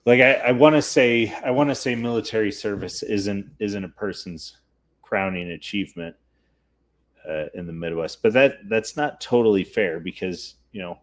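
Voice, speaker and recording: A man's voice: lowish voice, normal speed. A man hosting a casual podcast chat, telling stories and explaining in a searching, hesitant way. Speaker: podcast host.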